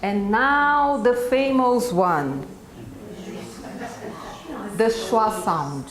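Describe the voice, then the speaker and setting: A woman with a Brazilian Portuguese accent, a native Portuguese speaker, presents to a room of teachers at an unhurried pace. Her voice sits a little high, and she ends almost every point with a checking "okay?". The sound is echoey, with faint noise behind it. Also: big pitch swings. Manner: keeps checking in with "okay?" after each point. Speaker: teacher trainer presenting a workshop. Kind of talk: live workshop talk to teachers. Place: event room with an audience.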